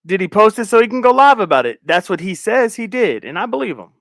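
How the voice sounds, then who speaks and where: A man's voice: high voice, sing-song, fast, a bit bright, no room sound, studio quality. A man hosting a casual live stream, talking loosely in slang and repeating his phrases while he shares his screen. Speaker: live stream commentary host.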